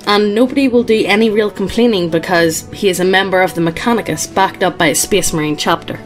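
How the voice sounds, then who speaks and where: A woman's voice: mid-range voice, fast, soft background music. A woman co-hosting a podcast, reading fan posts aloud in a dry, matter-of-fact way. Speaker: podcast co-host.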